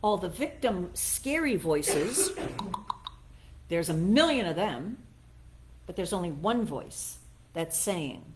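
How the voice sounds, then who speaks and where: A woman's voice: fairly low pitch, sing-song, slow pace, pauses often, a little hiss or hum. A middle-aged woman minister giving a conversational sermon, chatty and self-mocking, laughing at herself as she tells personal stories and acts out what others said.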